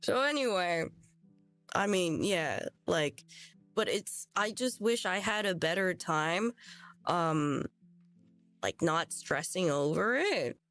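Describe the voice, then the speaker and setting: A woman's voice: on the low side, lively intonation, slow, fairly bright tone. A woman streamer telling a story to her chat in a rambling, dramatic way, laughing through it. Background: faint music.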